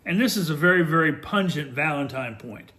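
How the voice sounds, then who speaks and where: A man preaching on a Christian talk show, earnest and emphatic. His voice is bright and forceful, sitting a little high for a man. He leans on key words and slows down to drive each point home. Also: lively intonation. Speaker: Christian TV co-host.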